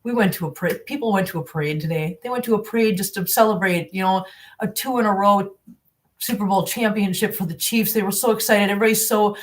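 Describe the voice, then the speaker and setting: A woman's voice: mid-range voice, fast. Rambling heartfelt woman near sixty. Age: around 60. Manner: rambling, heartfelt, repeats herself; coos baby talk at her cats. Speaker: cat-channel host. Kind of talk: casual live-stream chat. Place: at home.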